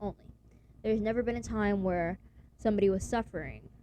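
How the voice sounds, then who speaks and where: A woman's voice: mid-range voice, a little fast, dark tone, a little hiss or hum. A young woman vlogging in a blunt, rambling rant full of slang and swearing. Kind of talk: casual profane rant to camera.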